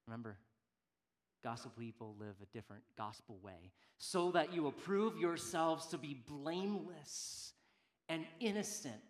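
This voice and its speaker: A male pastor in his thirties preaching a sermon with a high, bright, ringing voice. He is emphatic, rising to loud declarations and then dropping to quiet, hushed asides.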